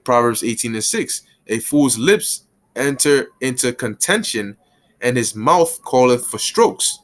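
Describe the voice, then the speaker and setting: A man's voice: medium pitch, lively intonation. Man teaching scripture in casual slang. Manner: casual street slang, acts out little scenes with quick voices. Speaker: bible teacher. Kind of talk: conversational bible teaching.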